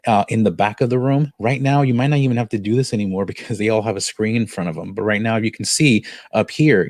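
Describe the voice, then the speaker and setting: Lively low-voiced male teacher. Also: no echo, studio quality. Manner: lively, conversational, points things out. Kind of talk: online teacher demo.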